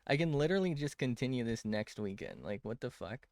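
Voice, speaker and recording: A man's voice: medium pitch, huge pitch swings, normal speed, vocal fry, dry recording, clean studio sound. A young man streaming while he draws, rambling to chat, mocking himself and swearing often.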